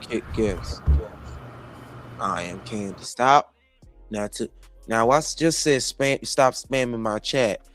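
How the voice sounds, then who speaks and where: A man hosts a casual livestream with a mid-pitched voice. He is brash and mocking, and he swears freely at the people in his chat. Faint music plays behind him. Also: slow, long pauses, a bit bright. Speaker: livestream host.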